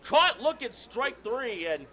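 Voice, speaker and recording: High, bright-voiced male baseball announcer. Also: slow pace. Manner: excitable, shouts during big plays. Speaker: play-by-play announcer. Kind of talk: baseball play-by-play commentary.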